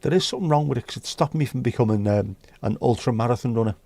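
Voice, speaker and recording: A man's voice: mid-range voice, very fast, creaky, dark tone, no echo. A man from the United Kingdom hosting a casual livestream chat, talking bluntly and swearing freely. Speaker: livestream host.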